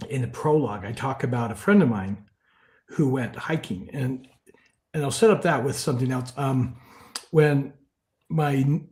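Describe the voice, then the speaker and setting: An older man who is an author being interviewed, telling stories conversationally and dropping to a hushed tone at the serious moments. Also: mid-range voice. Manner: animated storyteller, drops to a hushed tone for serious moments. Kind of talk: conversational storytelling.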